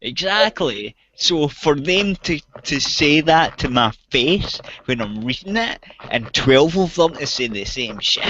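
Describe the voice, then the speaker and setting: A man's voice: fairly high pitch, animated, a little slow, hardly any pauses, pushed and bright. Furious, swearing man ranting. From outside the US. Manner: angry, heavy swearing, ranting. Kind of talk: casual chat. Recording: dull, dry voice-chat audio.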